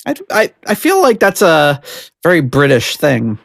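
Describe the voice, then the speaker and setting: A man's voice: on the high side, huge pitch swings, a little slow, gravelly, dry recording, studio quality. A man from the United States hosting a podcast, giving casual, chatty reaction commentary and laughing often. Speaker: podcast host.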